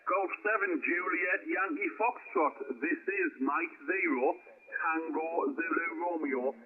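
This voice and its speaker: A man's voice: fairly high pitch, slow. Man on a tinny ham radio. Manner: friendly, relaxed, with radio call signs. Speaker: amateur radio operator. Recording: phone-like radio audio with busy background noise.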